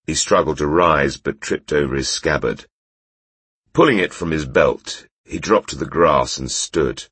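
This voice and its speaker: A man narrating a fantasy story in a measured, unhurried way. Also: rumbling low, a bit bright, breathy edge, dry recording. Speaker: audiobook narrator.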